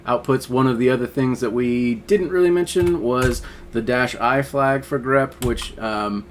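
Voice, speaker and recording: A man's voice: medium pitch, measured pace, a little hiss or hum. A man teaching a screen-recorded coding lesson, talking casually and thinking aloud with many fillers. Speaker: instructor. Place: at a computer, keyboard typing.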